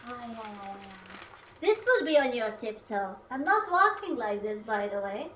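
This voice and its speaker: A woman's voice: a little high, big pitch swings, moderate pace, background noise. A young woman from Hungary, chatting casually on a livestream while she cooks, playful and self-mocking. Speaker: streamer.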